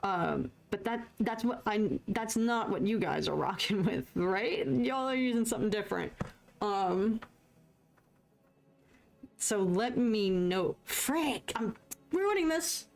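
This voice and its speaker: A young American woman chatting casually and excitably while painting on a live stream, joking at her own expense and answering viewers. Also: medium pitch, slow pace, creaky. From United States. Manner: chatty, excitable, self-deprecating, reads chat aloud.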